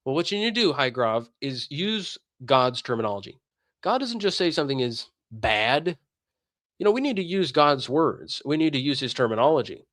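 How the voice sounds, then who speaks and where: A man's voice: mid-range voice, very animated, normal speed, fairly bright tone, no echo, clean studio sound. A man giving impassioned religious commentary on a stream, combative and emphatic, firing off rhetorical questions.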